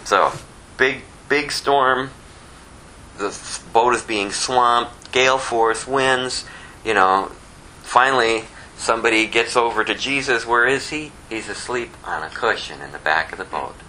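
Lively bright-voiced man teaching the Bible. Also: medium pitch, unhurried, slight background noise, low-quality recording. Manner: animated storytelling, rising emphatic bursts. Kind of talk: informal Bible study teaching.

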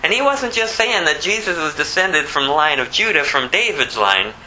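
A man preaching a sermon with fervent, animated delivery that builds toward near shouting. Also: on the high side, normal speed, a little hiss or hum, low-quality recording.

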